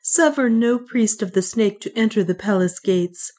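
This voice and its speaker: A woman voicing a high, commanding queen. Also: normal speed, warm tone, close to an everyday voice. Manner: commanding, formal. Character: anxious young woman posing as a goddess-queen.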